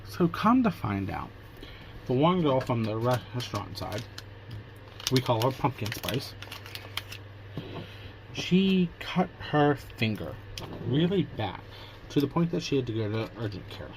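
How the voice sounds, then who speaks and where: A man's voice: medium pitch, big pitch swings, measured pace, gravelly, pauses often, a little hiss or hum. A man vlogging casually from Pennsylvania, retelling his day through quoted back-and-forth conversations. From Pennsylvania, USA. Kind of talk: casual storytelling vlog.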